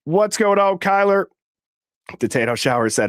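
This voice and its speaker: A man hosting a live call-in stream, talking fast and casually as he reads out viewer names. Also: fairly high pitch, animated, no echo, clean studio sound. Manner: fast, casual, shouting out names in quick succession. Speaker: host of a live call-in show.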